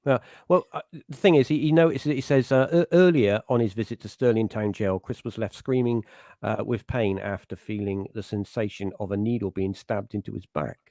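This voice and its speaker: Recorded in the studio with no echo, this middle-aged man hosts a podcast in a fairly low, mellow voice that moves fairly quickly but keeps a steady tone. His casual chat wanders, cuts itself off, and dips into acted-out quotes.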